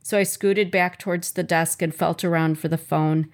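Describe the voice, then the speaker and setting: A woman reads aloud a chapter from her own memoir, a personal first-person account. Her voice is a little low, with fairly even intonation, and she delivers it in a measured, earnest way.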